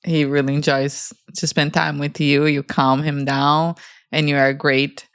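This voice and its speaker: Woman, podcast co-host, playful and teasing, slow speech, dry close sound. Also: low voice, little pitch movement, fairly bright tone, smooth, no echo. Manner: playful, teasing, laughs easily. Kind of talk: candid podcast conversation.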